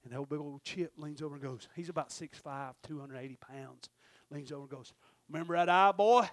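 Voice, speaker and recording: A man preaching a sermon, telling folksy stories and acting out the dialogue, swinging from shouted peaks down to low murmurs. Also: level tone, a little fast. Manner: folksy storytelling with acted-out dialogue. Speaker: pastor.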